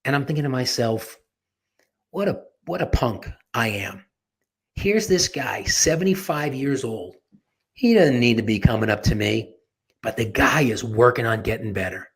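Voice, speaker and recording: A middle-aged man coaching on sales and personal branding in a webinar pitch, talking informally, telling anecdotes and repeating phrases for emphasis. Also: normal speed, creaky. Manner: tells anecdotes in a folksy, informal way.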